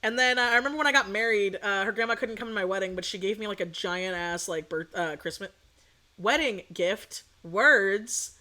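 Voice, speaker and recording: Chatting casually as a VTuber, this young woman rambles along, cursing without restraint and laughing a lot. She speaks at a moderate pace, her mid-range voice pushed and bright.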